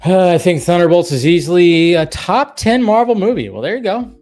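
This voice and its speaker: A man's voice: high-pitched, expressive, a little fast, a little mellow, faint music behind. A man hosting a live stream, chatting casually about movies, rambling with many fillers and repeated phrases. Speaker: livestream host.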